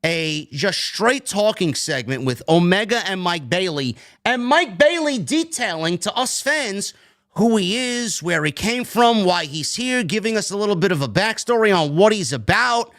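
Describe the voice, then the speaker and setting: A fairly high-pitched man talks bluntly and with open exasperation, swearing as he goes. The sound is close and dry, with no room around it. He is reviewing the week's show as host. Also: sing-song, normal speed, a bit bright, no room sound. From New York. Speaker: podcast host. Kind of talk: casual wrestling review chat.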